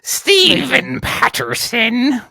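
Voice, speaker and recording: A gravelly, throaty creature voice stretches each word out slowly. A man puts it on, pitching it up and leaning back from the mic, with the wide swings and bright edge of his natural voice. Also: wildly swooping pitch, dry recording, full character voice. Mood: croaking. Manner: drawn-out, slow name reading. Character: throaty creepy male creature voice. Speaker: podcast co-host.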